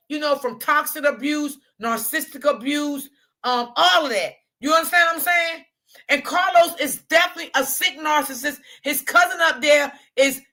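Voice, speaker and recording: A woman hosting a casual livestream commentary channel, talking straight to her chat, loud, profane and often laughing. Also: high-pitched.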